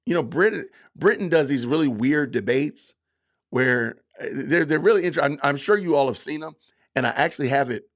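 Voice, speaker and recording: A man's voice: fairly high pitch, lively intonation. Sarcastic man riffing on live chat. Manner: sarcastic mock-offended, drawn-out emphatic delivery; addresses chat commenters by name. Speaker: podcast host reading live chat. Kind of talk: casual livestream commentary.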